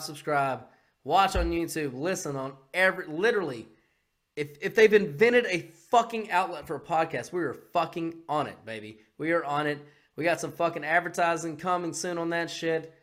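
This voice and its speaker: A man hosting a podcast in a casual, profane, excitable chat who bursts into shouts. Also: on the high side, normal speed. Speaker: podcast host.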